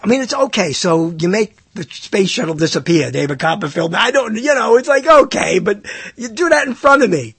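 A man's voice: normal speed, breathy edge, no echo. An older man rambling through a musing monologue, his voice swooping up sharply on questions. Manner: animated, swoops up in pitch for questions. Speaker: speaker musing to listeners.

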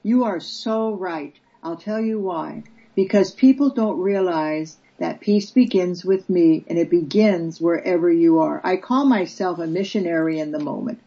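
A woman's voice: on the low side, unhurried, hardly any pauses, mellow, slightly rough, lo-fi sound. An older woman, a guest in a casual interview, telling stories earnestly and acting out the voices she quotes. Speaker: guest, peace activist.

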